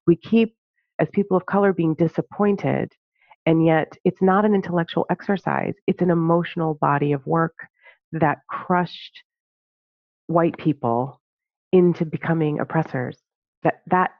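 A woman guest telling a personal story in conversation, animated and full of fillers, acting out what people said. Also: deep voice, vocal fry, no echo. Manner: animated, reenacts dialogue with many fillers. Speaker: podcast guest, social justice trainer. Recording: narrow phone-like dry audio.

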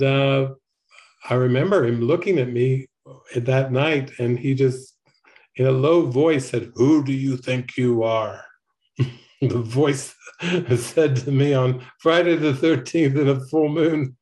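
A man giving slow, earnest spiritual commentary on a TV episode as a teacher. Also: a little high, darkish tone.

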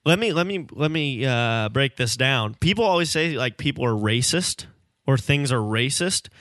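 A man's voice: mid-range voice, animated, normal speed, a bit bright, no room sound, clean studio sound. A young man in casual podcast chat, emphatic and storytelling, often saying bro.

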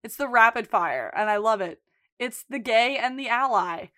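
A woman's voice: fairly high pitch, animated, normal speed, fairly bright tone. A woman co-hosting a podcast, casually retelling TV scenes and acting out the lines. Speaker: podcast co-host. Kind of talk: casual recap chat.

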